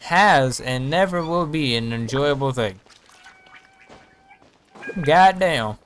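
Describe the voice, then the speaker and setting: A man's voice: medium pitch, animated, slow, a bit bright, clean tone. Man joking through casual gameplay commentary. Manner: joking, talking to himself while playing. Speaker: streamer.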